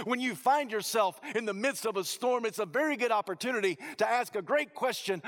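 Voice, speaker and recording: A man preaching a sermon, rising to loud emphatic peaks and dropping to low, hushed phrases. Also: expressive, moderate pace, big-room sound.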